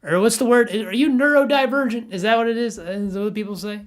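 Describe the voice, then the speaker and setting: Young male streamer, slightly high voice, rambling and playful, stammers a lot. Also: brisk. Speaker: livestream host reviewing NFT art. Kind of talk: casual livestream chat.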